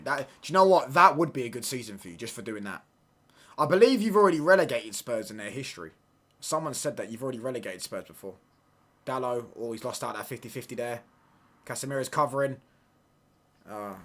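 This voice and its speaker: A young man hosting a live football watchalong, reacting to the play and chatting with viewers in slangy, excitable talk. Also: mid-range voice. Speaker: watchalong host.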